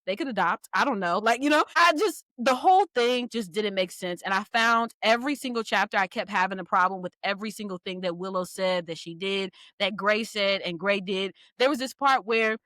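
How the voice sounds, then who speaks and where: A woman co-hosting a podcast, chatting casually in an animated, exasperated and rambling way. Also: medium pitch, a little fast, hardly any pauses, no echo, clean studio sound. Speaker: podcast co-host. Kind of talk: casual book review chat.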